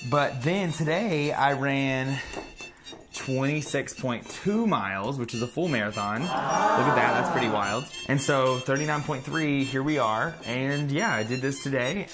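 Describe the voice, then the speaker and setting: A man's voice: medium pitch, a little slow, music in the background. A tipsy man chatting casually as a guest cook, easygoing and self-deprecating. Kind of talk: casual chat.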